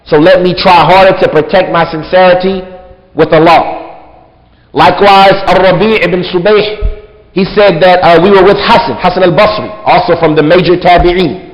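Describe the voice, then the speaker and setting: A man's voice: sits high, fairly even intonation, normal speed. A man teaching a religious lesson in a casual, conversational way, saying "like" and "right?" often. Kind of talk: mosque lesson with translation. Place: large mosque hall. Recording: dull lo-fi recording with long hall reverb.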